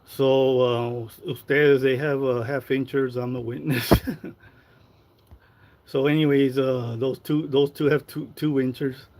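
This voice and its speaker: A man's voice: mid-range voice, level tone, a little slow, a little mellow, slight background noise, poor audio. Crude rambling man. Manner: crude, rambling, code-switches into Spanish slang. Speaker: live-stream host. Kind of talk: casual gossip livestream.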